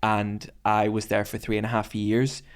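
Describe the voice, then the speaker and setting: A man's voice: on the low side, monotone, moderate pace, clean tone. An Irish man, a radio presenter, telling stories candidly and with energy as a podcast guest in a studio, swearing freely. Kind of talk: casual storytelling in a podcast interview.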